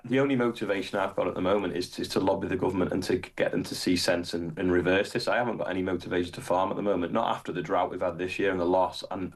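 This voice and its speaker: A British man, a farmer, talking as an interview guest, exasperated and halting with frequent restarts. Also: on the low side, vocal fry. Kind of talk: casual interview conversation.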